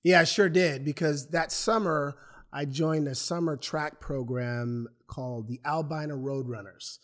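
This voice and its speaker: A man's voice: fairly high pitch, a little slow. A man from Portland, Oregon, a former athlete, telling his own stories in an interview and acting out what others said. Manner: animated, acts out voices in his stories. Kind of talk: storytelling in an interview.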